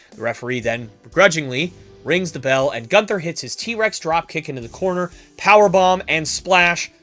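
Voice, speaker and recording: Male podcast host, animated storytelling, lively rising and falling voice, slightly high pitch, faint music underneath. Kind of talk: narrating a fantasy wrestling storyline.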